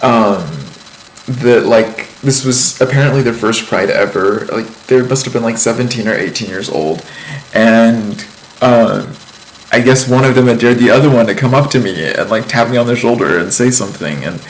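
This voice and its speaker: A man's voice: mid-range voice, moderate pace, a little hiss or hum, poor audio. Chatty man telling a story on his vlog. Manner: chatty and meandering, with frequent ums and likes; amused storytelling. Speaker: vlogger. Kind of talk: casual vlog life update.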